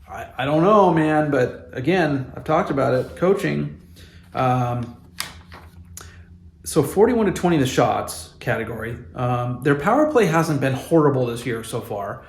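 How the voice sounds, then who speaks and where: A man rants about his hockey team in a fired-up, exasperated way, as a fan who yells at the screen. His voice sits in a middle register. The sound is roomy and echoey. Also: mid-range voice, lively intonation, a little slow. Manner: passionate, exasperated, fan ranting. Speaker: hockey vlogger. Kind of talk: opinionated sports commentary vlog.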